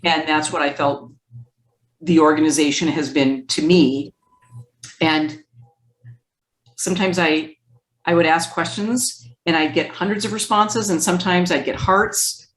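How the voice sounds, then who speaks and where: Low-voiced woman, animated storyteller, echoey room. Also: a little slow, pauses often. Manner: lively storytelling, acts out quoted speech. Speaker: guest therapist. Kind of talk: conversational interview.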